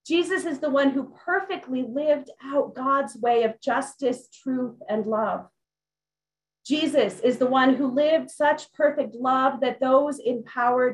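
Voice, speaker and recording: A woman preaching from the pulpit at an unhurried pace. Her voice sits slightly high, and she leans into words with weighty pauses. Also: rough recording. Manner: slow, deliberate preaching with emphatic pauses. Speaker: pastor. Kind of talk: sermon.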